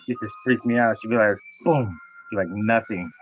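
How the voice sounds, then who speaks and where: A man from the US West Coast talking in a quick, profane, casual chat, a little away from the mic. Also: lowish voice, level tone, highs cut off, slight background noise.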